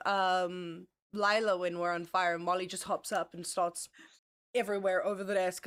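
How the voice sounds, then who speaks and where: A woman's voice: medium pitch, fairly bright tone. A woman chatting casually on a livestream, rambling, laughing often and swearing freely. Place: home, at a desk.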